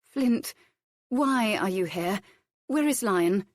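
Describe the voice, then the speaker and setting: A woman's voice: mid-range voice, expressive, slow pace, no room sound, voice pushed up. Woman narrator playing a tense, eager young lady for an audiobook, lifted voice, dry close sound. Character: spirited young noblewoman, nervous and eager. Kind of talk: audiobook character reading.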